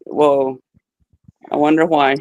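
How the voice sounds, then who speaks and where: A woman from the South with an unusual Southern accent and a very deep voice, teasing the others during a stream. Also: little pitch movement, slow, a little mellow, lo-fi sound. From American South. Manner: teasing, sassy. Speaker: stream guest. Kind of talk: casual banter.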